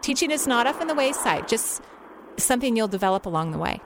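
A woman's voice: fairly high pitch, very animated, background noise. Encouraging woman giving spiritual advice. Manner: soothing, encouraging, unhurried with many fillers. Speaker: intuitive radio show host giving readings. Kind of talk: call-in radio advice.

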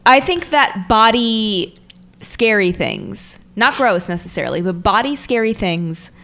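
A woman chatting casually as a podcast co-host, pausing and searching for her words. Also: medium pitch, very animated, vocal fry, fairly bright tone. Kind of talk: casual chat.

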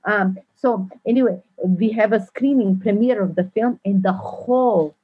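Halting woman director on a tinny call. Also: medium pitch, slightly rough. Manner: halting, searching for words, animated storytelling. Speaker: film director, guest. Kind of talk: interview over video call. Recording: tinny phone-like call audio.

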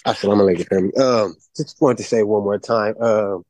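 A man's voice: fairly low pitch, a little fast, darkish tone. A man calling in to a group call, speaking encouragingly with many fillers. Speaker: caller.

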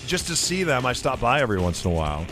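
A man's voice: mid-range voice, big pitch swings, fast talker, over music. A man co-hosting a casual podcast, a realtor telling stories in an earnest, openly sentimental way. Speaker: realtor and co-host.

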